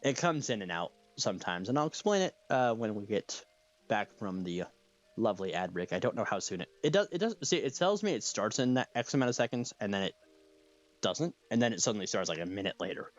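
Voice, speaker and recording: Male podcast host, slight lisp, lively up-and-down delivery, a bit low-pitched, dull lo-fi stream sound. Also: fairly quick, soft background music. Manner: chatty, laughs often, restarts sentences. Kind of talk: casual chat.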